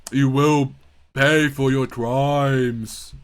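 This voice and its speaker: A man voicing menacing spirits from a dark dream world, drawing out slow threats. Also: mid-range voice, steady tone, a little hiss or hum.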